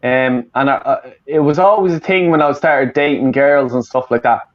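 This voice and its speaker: A man's voice: medium pitch, normal speed. A man from Dublin with an Irish accent, ranting casually and swearing a lot as a football fan co-host. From Ireland, Dublin. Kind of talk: casual chat. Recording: muffled lo-fi audio.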